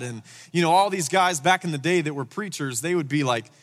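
A man preaching a sermon in a church, animated and full of rhetorical questions. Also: high voice, fairly quick, few pauses. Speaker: pastor. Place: church sanctuary. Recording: long hall reverb.

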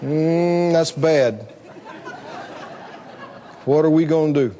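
A man's voice: takes it slowly, mellow, big-room sound, a faint crowd, slight background noise. A man playing God, laughing from heaven. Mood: mock worried. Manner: mock-worried, then booming laughter.

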